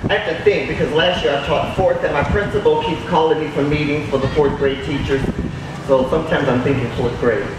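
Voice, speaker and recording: A man's voice: a little high, fairly quick. A man from Beaumont, Texas, telling funny classroom stories live as a storyteller and teacher. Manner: animated, acts out children's voices. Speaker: storyteller and schoolteacher. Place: outdoor downtown festival stage. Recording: distant, echoey outdoor sound with noise.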